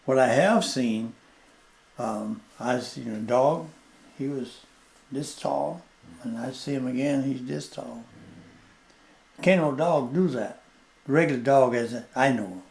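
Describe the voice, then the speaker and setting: An older man, a plainspoken interview guest telling stories slowly and repeating his points. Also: medium pitch, creaky, a little mellow. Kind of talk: storytelling in casual conversation.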